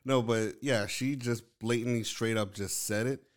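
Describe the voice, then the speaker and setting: A man's voice: mid-range voice, fairly even intonation, moderate pace. A man from New York chatting casually, rambling and searching for his words with lots of fillers. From New York, Lower East Side Manhattan. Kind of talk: casual chat.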